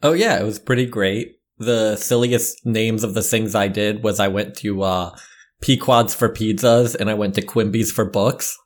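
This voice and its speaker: A man's voice: on the low side, steady tone, normal speed. A man co-hosting a podcast, rambling and teasing himself in casual chat. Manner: rambling, self-mocking. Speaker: podcast co-host.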